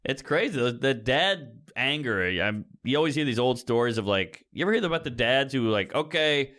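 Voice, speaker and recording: A man in his thirties co-hosting a podcast, chatting casually and telling animated stories. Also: normal speed. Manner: animated storytelling, jumps high when quoting people. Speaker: podcast co-host. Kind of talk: casual chat.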